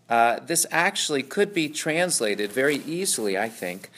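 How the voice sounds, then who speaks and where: A man with an ordinary mid-range voice teaches on scripture. He explains patiently and often pauses to check in with his listeners. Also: mid-range voice, animated, fairly bright tone. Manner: explanatory, checks in with "right?" and "okay?". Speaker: Bible teacher.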